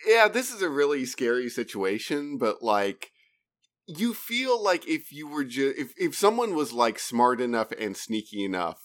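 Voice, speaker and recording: Podcast guy musing on a horror game, lots of "like", lively pitch. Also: measured pace. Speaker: podcast co-host. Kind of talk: casual podcast chat.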